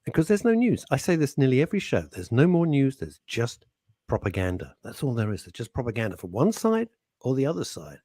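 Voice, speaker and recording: A man's voice: medium pitch, sing-song, a little fast, mellow, no room sound. A man co-hosting a radio show, chatting and joking in a casual, ranting way. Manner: chatty, jokey, ranting asides. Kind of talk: casual studio banter. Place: radio studio. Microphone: studio microphone.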